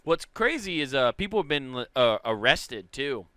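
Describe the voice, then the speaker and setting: A man's voice: mid-range voice, sing-song, unhurried, pushed and bright, slight background noise. A man co-hosting a podcast, chatting casually and crudely, laughing often. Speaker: podcast co-host. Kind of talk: casual comedic chat.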